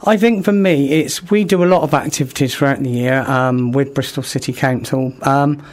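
Male interview guest, careers service, plain mid-pitched voice. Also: steady tone, moderate pace. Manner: informative, with many ums. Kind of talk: radio interview.

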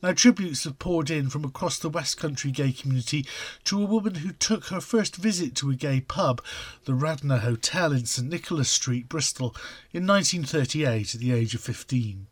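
A man with a slightly husky, fairly high voice reads out a radio news bulletin in a measured way. The sound is dry and close, with no room around it. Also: expressive, no echo. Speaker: radio co-host and newsreader. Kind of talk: casual chat and read news bulletin.

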